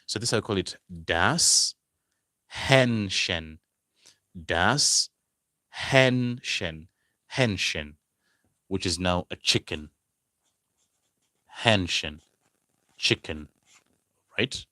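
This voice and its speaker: A man teaching German vocabulary, repeating each word slowly and asking his viewers questions. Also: deep voice, expressive, sharp tone, no room sound, studio quality. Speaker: German language tutor.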